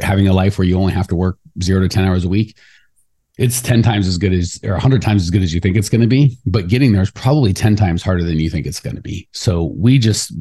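A man co-hosting a podcast in casual chat, talking fast and getting fired up, acting out quoted voices along the way. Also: on the low side, slightly rough. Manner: fast, animated, ranty. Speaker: podcast co-host.

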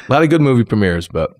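A man's voice: mid-range voice, dry recording. A man from New York, an actor, chatting in an interview and acting out the lines he quotes. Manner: animated storyteller, acts out quoted lines. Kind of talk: casual interview chat.

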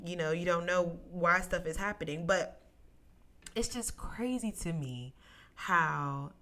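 Bright-voiced young woman telling her story. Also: fairly low pitch. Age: young adult. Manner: emotional, near tears, testimony-like; animated, addresses listeners as y'all. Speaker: podcast host. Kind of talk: casual solo podcast storytelling.

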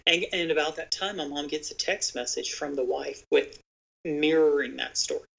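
Podcast guest, earnest storyteller, some vocal fry, talks straight to the audience. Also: medium pitch, steady tone, normal speed, fairly bright tone, rough recording. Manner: earnest, speaks directly to listeners. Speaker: podcast guest speaking on real estate agent safety. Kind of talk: conversational storytelling.

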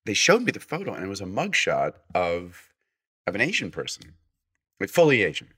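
A man sits in as a guest and tells a winding anecdote. His voice sits low but sounds bright and edged. He stumbles, restarts and slips into acted-out lines from the people he describes. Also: wildly swooping pitch, a little fast, breathy edge. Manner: rambling with restarts and acted-out quotes. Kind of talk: casual storytelling.

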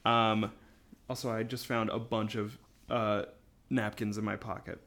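A man's voice: on the low side, level tone, unhurried, fairly bright tone. A man co-hosting a podcast in casual chat, rambling with lots of fillers. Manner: rambling, filler-heavy, chuckles often. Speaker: podcast co-host.

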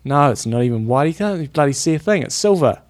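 A man's voice: on the high side, expressive, fast. Laid-back dry Kiwi man. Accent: New Zealand. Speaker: radio co-host. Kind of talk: casual banter.

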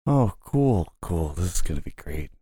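A man's voice: sits low, big pitch swings, normal speed, warm tone, breathy edge, no echo, pitched below the performer's own voice, full character voice. A man voicing a wry young male captive with mind powers, dry and understated. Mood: deadpan.

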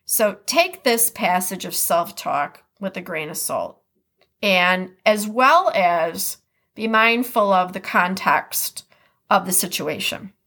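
A woman's voice: mid-range voice, lively intonation, slow pace, sharp tone. A woman with a Midwestern American accent hosting a podcast, chatting casually and reading quotes aloud before commenting on them. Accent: Upper Midwest American. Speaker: podcast host.

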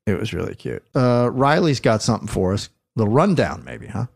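Middle-aged male podcast host, gravelly, rambling, playful, lots of restarts. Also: on the low side, sing-song, a little fast. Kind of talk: casual chat.

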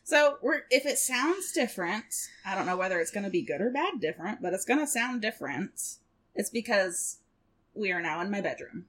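A woman co-hosting a casual podcast chat from her bedroom, upbeat and quick to react. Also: mid-range voice, expressive, fairly bright tone, slight background noise. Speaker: podcast co-host. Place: home bedroom.

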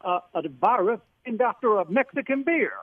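A man's voice: high voice, expressive, normal speed, voice pushed up. A man doing an impression of a wry older man, played back from a phone call. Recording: dull lo-fi phone audio.

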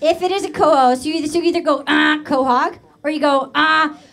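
High-voiced joking woman talk host. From Rhode Island. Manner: joking, rapid, laughing often. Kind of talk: late-night talk show chat. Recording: studio audience crowd noise. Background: studio audience.

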